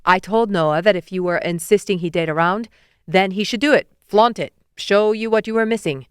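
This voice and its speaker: A woman's voice: mid-range voice, moderate pace, clear, resonant tone, no room sound, studio quality, lightly acted. A woman reading an audiobook voices an impulsive young man who speaks up bluntly and eagerly. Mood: confessing.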